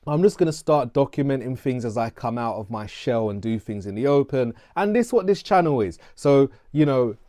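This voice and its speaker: A man's voice: medium pitch, mellow, dry recording, studio quality. A man in his thirties from London with a London accent, giving a casual, playful, self-mocking channel intro as a vlogger and music producer. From England. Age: 30s.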